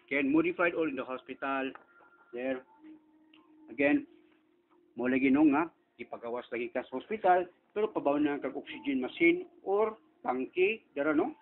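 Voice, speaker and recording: A man's voice: mid-range voice, normal speed. A man with a Filipino accent talking casually through a screen walkthrough, rambling and tagging his sentences with little questions. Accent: Filipino (Cebuano). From Philippines. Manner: rambling, frequent tag questions. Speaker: channel owner and inventor. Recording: tinny phone-like audio, faint hiss.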